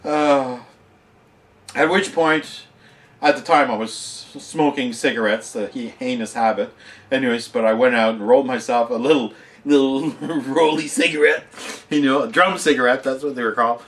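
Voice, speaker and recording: A man with a medium-pitched voice vlogs at a moderate pace, telling a rambling personal anecdote. He's an animated, self-mocking storyteller who keeps chuckling at himself.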